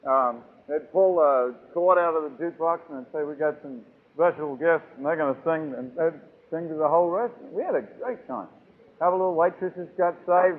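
A man from New Zealand preaches with a husky, high voice, pressing each point hard and then dropping low. The recording is thin and lo-fi, like it came down a phone line. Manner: emphatic, swinging from loud to soft. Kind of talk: sermon.

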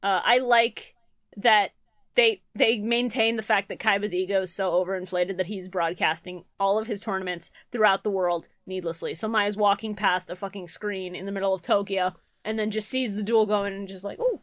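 A woman's voice: medium pitch, fairly even intonation, moderate pace, a bit bright, no echo. Laughing, swearing young woman podcaster. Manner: laughs often, swears freely. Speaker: podcast co-host. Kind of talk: casual chat.

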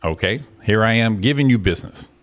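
Hosting a morning radio show, a man with a lowish voice talks fairly quickly in a casual rant. His story is exasperated and profane, and he performs the characters' lines in animated voices while faint music plays behind him.

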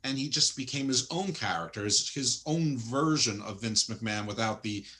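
Co-hosting a casual wrestling podcast, a man with a mid-range voice talks at a moderate pace. He's opinionated and lively, and he keeps stumbling into restarts.

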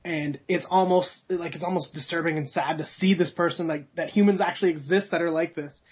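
A somewhat high, husky male guest rambling through his stories over a video call. The line sounds dull and lo-fi. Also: fairly even intonation, a little fast. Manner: rambling, laughing storyteller.

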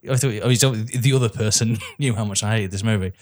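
A man's voice: fairly low pitch, brisk. A man in his thirties with an English accent, co-hosting a podcast and ranting animatedly about a film in casual chat, laughing often. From England. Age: 30s. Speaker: podcast co-host.

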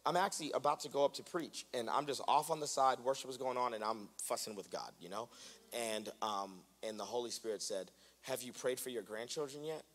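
Um pregador americano que prega um sermão em tom de conversa, brincando consigo mesmo antes de subir a voz com força. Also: male voice, medium pitch, a little fast, slightly rough. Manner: conversational, self-mocking, builds to loud animated preaching. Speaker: preacher. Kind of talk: sermon. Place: church sanctuary.

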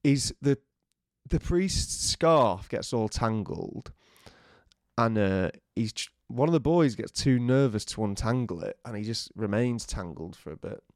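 A man co-hosting a podcast, telling a lively anecdote, acting out quotes and laughing often. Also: lowish voice, measured pace, dry recording, clean studio sound. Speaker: podcast co-host. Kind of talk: casual storytelling chat.

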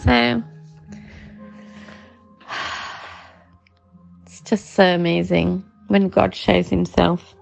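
A woman's voice: on the low side, extremely slow, vocal fry, long pauses, soft background music. A middle-aged woman giving an informal, chatty home sermon in an earnest tone, often calling things amazing. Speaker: preacher.

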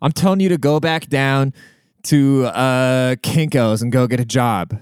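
Solo podcast host, young adult man, cocky and foul-mouthed, smooth voice, dry close sound. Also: medium pitch, unhurried, a little mellow, no room sound. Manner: brash, profane, swaggering.

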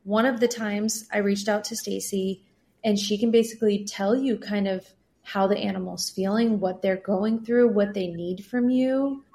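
A woman guest on a podcast, telling personal stories in an earnest, sometimes animated way. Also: medium pitch, normal speed. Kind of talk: casual podcast conversation.

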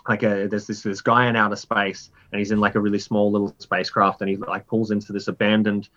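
A man in his thirties, a writer being interviewed, talking in a rambling, animated way full of fillers. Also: a little fast, lo-fi sound. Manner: animated storyteller, jumps pitch for inner voices. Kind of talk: casual conversational interview.

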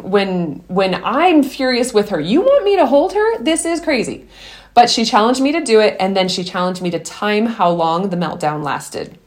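A woman hosting a podcast, giving earnest, encouraging parenting advice and telling her own story, often restarting sentences. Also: medium pitch. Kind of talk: earnest advice talk mixed with personal story.

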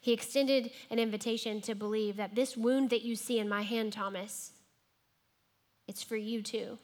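A woman preaching a sermon in a church, gentle and reflective, often dropping her voice to a near whisper. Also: fairly high pitch, steady tone, normal speed.

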